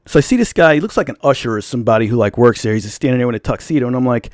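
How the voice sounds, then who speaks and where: A man's voice: a little high, racing, few pauses, a little mellow, dry recording, clean studio sound. A young man hosting a casual storytime vlog, rambling and slangy as he tells his story. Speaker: storytelling channel host.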